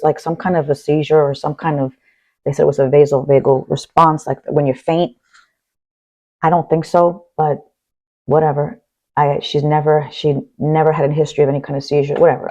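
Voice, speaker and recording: A woman's voice: low voice, dark tone, dull audio. A middle-aged woman vlogger, rambling bluntly through a personal story while doing her makeup. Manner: rambling, blunt, swears, fillers like blah blah. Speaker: beauty vlogger. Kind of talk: casual get-ready-with-me chat.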